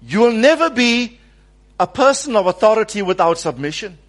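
A high-voiced preacher at normal speed gives an animated sermon. He acts out quotations and calls for the congregation to repeat what he says.

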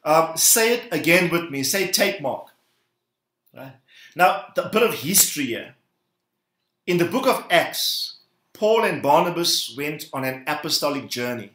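A man's voice: a little high, big pitch swings, unhurried, a bit bright, roomy sound. A man preaching a sermon, punching key words with sudden emphasis and calling on the congregation to repeat after him. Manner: emphatic, rising bursts, calls the congregation to repeat. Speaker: pastor.

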